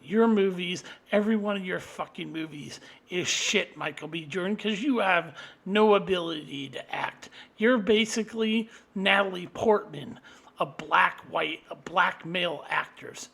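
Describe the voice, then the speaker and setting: A man delivering an angry, profane solo rant, combative and swinging into loud outbursts. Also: high-pitched, measured pace, vocal fry. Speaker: vlogger.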